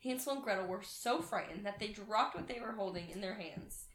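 A woman's voice: mid-range voice, animated, fairly quick, fairly bright tone. Woman reading a fairy tale, echoey room. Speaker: reader. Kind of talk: fairy tale read-aloud.

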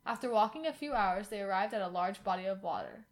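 Woman calmly reading a fairy tale. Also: medium pitch, fast. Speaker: reader. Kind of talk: fairy tale read-aloud.

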